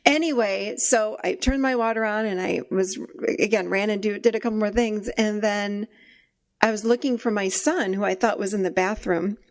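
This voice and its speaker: Creaky-voiced woman podcast host. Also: mid-range voice, normal speed. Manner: lively storyteller who laughs often. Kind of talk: casual podcast conversation.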